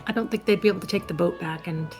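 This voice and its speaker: A woman's voice: lowish voice, rapid-fire, darkish tone, faint music behind. A woman playing a tabletop game, talking in a wry, matter-of-fact way. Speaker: player. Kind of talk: casual tabletop play.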